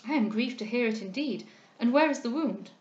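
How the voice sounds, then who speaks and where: A woman's voice: a little high, animated, brisk, a little mellow, highs cut off, pitched above the performer's own voice, close to an everyday voice. Genteel young lady from an old novel as a woman reads her, earnest and refined, echoey. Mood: anxious. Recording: roomy echo.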